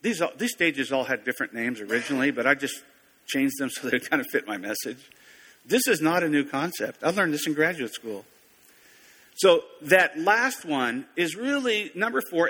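A man's voice: a little high, sharp tone, slightly rough. A man preaching a sermon in a conversational, folksy way, often correcting himself mid-sentence. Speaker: pastor. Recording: long reverb of a large hall.

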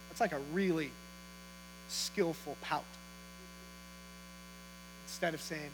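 With a fairly high voice, a slow delivery and frequent pauses, a man preaches to his flock in a church auditorium, joking and teasing them with questions in a relaxed sermon. Faint mains hum and long hall reverb are audible.

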